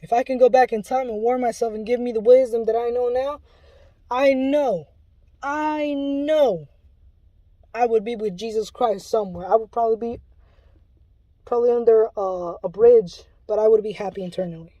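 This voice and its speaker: A man's voice: very high-pitched, fairly even intonation, normal speed, warm tone, no echo. A man delivering an impassioned spoken warning, pleading and urgent in a preachy way, often restarting his sentences. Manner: rambling with restarts. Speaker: self-described Luciferian giving a testimony.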